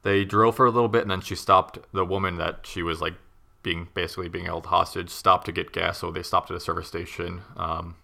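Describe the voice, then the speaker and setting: A man's voice: deep voice, flat delivery, fairly quick, gravelly, pushed and bright. A man casually recounting a true crime story to a co-host, rambling with many fillers and wry asides.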